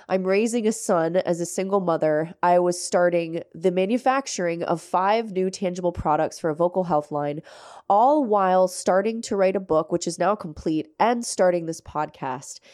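A woman hosting her own faith podcast, speaking earnestly and through tears, often halting and restarting her sentences. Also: lowish voice, darkish tone. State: tearful. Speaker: podcast host. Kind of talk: emotional faith podcast monologue.

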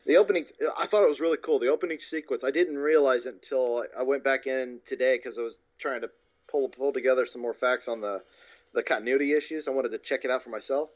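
A man's voice: medium pitch, quick pace. A man co-hosting a podcast, rambling through details and correcting himself as he goes. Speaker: podcast co-host. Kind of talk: casual chat. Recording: dull lo-fi with faint music.

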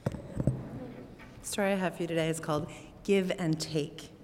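A woman telling a storybook tale aloud, expressive and animated. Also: low-pitched, moderate pace, background noise. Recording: long hall reverb.

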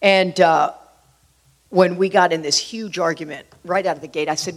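A woman's voice: low-pitched, steady tone, normal speed. Lady in middle age telling her recovery story, heartfelt, lots of uhs and you knows. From Houston, Texas. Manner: heartfelt, earnest, conversational with many fillers. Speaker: speaker sharing a recovery story. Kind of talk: personal storytelling talk.

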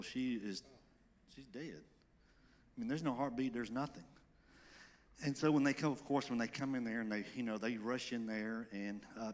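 A man giving an emphatic church testimony, swinging from hushed tones to excited bursts. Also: medium pitch. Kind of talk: sermon testimony. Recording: long hall reverb.

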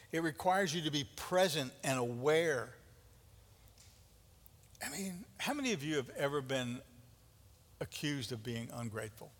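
Preaching a sermon in a church hall, a fairly high-voiced pastor brings animated, dramatic energy. He stumbles and repeats words while driving his points home, and the room's long reverb trails after every line.

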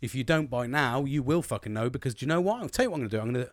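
A man with a British accent hosts a solo podcast, blunt, confessional and swearing freely. His pitch rises and falls all over the place, and the sound is close and dry with no room around it. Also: expressive, rapid-fire, no echo. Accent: British English. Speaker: podcast host.

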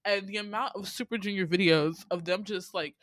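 A young woman co-hosting a casual chat, telling stories in an animated way, acting out quotes and swearing freely. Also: medium pitch, a little fast, dry recording, studio quality. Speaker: podcast co-host.

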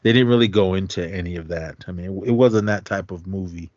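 A man's voice: sits low, fast talker, a little mellow, no room sound, lo-fi sound. A man from Oakland, California, co-hosting a podcast and chatting casually and enthusiastically about a film. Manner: rambling, enthusiastic, laughs often. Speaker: podcast co-host. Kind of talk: casual movie review chat.

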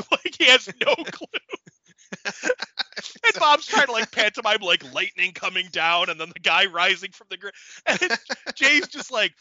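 A man co-hosting a podcast, chatting casually and animatedly, laughing often and acting out bits as he pitches a story. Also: lively intonation, normal speed, sharp tone, no echo, muffled recording. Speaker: podcast co-host. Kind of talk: casual brainstorming chat.

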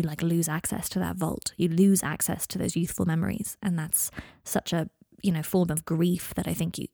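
Woman, podcast host, lowish voice, dry close sound, chatty and self-deprecating. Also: vocal fry, mellow, dry recording. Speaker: podcast host and fan fiction writer. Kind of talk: casual reflective podcast talk.

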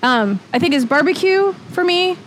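A woman's voice: very high-pitched, lively intonation, moderate pace, slight background noise. Chatty woman on a streetcar. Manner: chatty, self-correcting. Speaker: guest. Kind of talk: casual chat. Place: riding a city streetcar.

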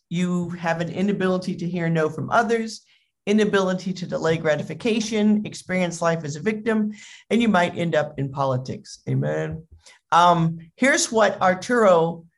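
A speaker giving a humorous talk on parenting, telling anecdotes in an animated way. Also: medium pitch. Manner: animated storyteller.

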